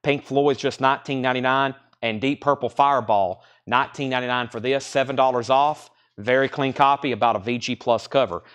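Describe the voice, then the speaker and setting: A mid-pitched man runs a live-streamed record sale. He moves briskly through the stock, naming each record, its condition and its price. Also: fairly even intonation, fairly bright tone, smooth.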